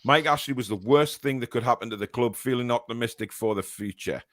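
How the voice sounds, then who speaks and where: A man hosts a casual live-stream fan show, reading viewer messages aloud. He talks in a relaxed, rambling way, full of filler sounds. The sound is dry and close. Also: medium pitch, brisk, dry recording. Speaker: fan podcast host.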